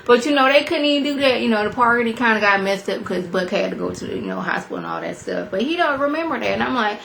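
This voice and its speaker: A woman in her thirties chattily recapping a TV episode to her viewers, acting out quotes in a high voice. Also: fast, creaky, slight background noise. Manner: animated storyteller, acts out quotes in a high voice; chatty, talks straight to viewers. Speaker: TV review vlogger.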